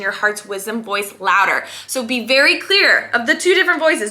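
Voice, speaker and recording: A woman's voice: on the high side, bright, forceful tone. A woman mindset coach giving an earnest, emphatic motivational talk to camera, stressing and repeating key words.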